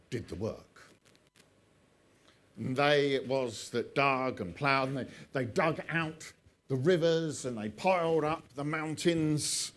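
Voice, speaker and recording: Slow, animated male storyteller. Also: medium pitch. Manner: digressive, laughs often at own jokes. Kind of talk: oral storytelling with chatty asides.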